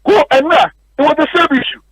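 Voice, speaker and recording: A man's voice: very high-pitched, a bit bright, no room sound, rough recording. A man with a Ghanaian accent analysing football on a radio sports show in a studio, hammering his points with repeated words. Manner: rapid code-switching, repetitive emphatic delivery.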